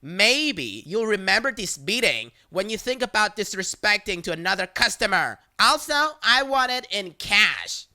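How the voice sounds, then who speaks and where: A storyteller voicing an entitled woman caller who shouts demands and threats down the phone. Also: medium pitch, expressive, moderate pace, hardly any pauses. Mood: shouting threats.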